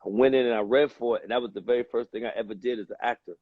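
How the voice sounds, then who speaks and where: A man talks in a husky, slightly breathy voice and tells his story at an easy, meandering pace, often stopping on fillers. The sound is dull and a little lo-fi, dry and close with no room around it. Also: medium pitch, steady tone, rapid-fire, no room sound. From United States. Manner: laid-back, rambling with many fillers. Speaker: guest. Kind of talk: casual storytelling.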